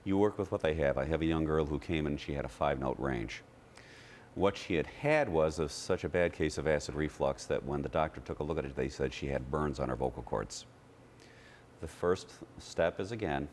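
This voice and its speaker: A man's voice: extremely low pitch, a little mellow, slight background noise. A man who teaches voice, explaining his methods in a TV interview and demonstrating vowels as he talks. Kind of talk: TV interview, explaining with sung demos.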